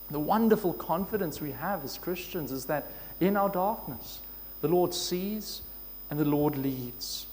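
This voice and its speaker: High-voiced guy preaching, earnest, slow and steady, big echoey hall. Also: slight background noise. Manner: earnest, measured preaching with rhetorical questions. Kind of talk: sermon. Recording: long hall reverb.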